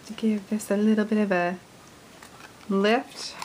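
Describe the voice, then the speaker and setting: Woman, forties, casual craft tutorial, chatty, laughs easily, mid pitch, faint noise. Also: flat delivery, a little slow, a little mellow, low-quality recording. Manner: chatty, laughs easily, thinks aloud while working. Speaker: craft video host. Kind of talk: casual card-making tutorial.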